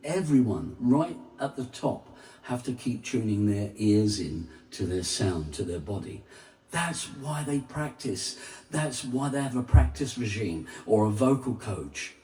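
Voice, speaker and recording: A man teaching singing to camera as a vocal coach, talking in an unhurried, emphatic way and breaking into sung vowels and scat syllables to demonstrate. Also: fairly low pitch, animated, warm tone, distant mic. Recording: roomy, off-mic sound with faint music.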